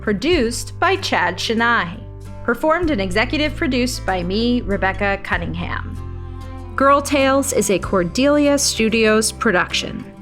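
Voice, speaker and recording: A woman hosting a podcast and reading a children's story aloud, gentle and clear. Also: on the high side, lively intonation, measured pace, soft background music.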